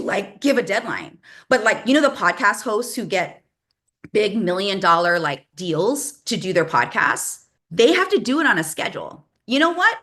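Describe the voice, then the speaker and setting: A woman's voice: on the low side, fairly bright tone. A middle-aged woman from the Bay Area talking casually to an audience as a publishing coach, chatty and emphatic, with lots of "like". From Bay Area, California.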